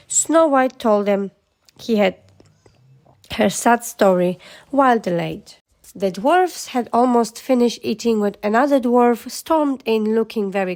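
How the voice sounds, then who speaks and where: A woman narrating a children's story in a lively, expressive way. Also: a little high.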